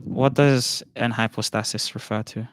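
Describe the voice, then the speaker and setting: A man's voice: lowish voice, fairly even intonation, moderate pace, smooth, dry recording. Assertive man in an online debate. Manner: assertive, lecturing, presses questions.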